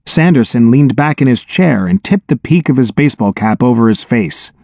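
A man narrating an audiobook in an expressive, wry first-person telling, on a close studio mic. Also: medium pitch, moderate pace, dry recording.

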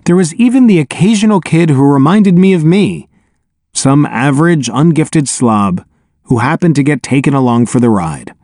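A man narrating an audiobook in an expressive, wry first-person telling, on a close studio mic. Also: a little high, moderate pace, no echo.

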